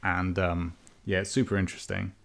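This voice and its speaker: A man with a low voice co-hosting a casual gaming podcast. He is relaxed and thinks aloud, trailing off and correcting himself mid-sentence. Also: fairly quick, vocal fry. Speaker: podcast co-host.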